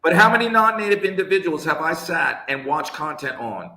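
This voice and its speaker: A man's voice: fairly high pitch, lively intonation, fairly quick, bright, forceful tone, roomy sound, rough recording. A man, an English teacher co-hosting a live talk, speaking emphatically with rhetorical questions. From United States. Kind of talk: live conversational discussion.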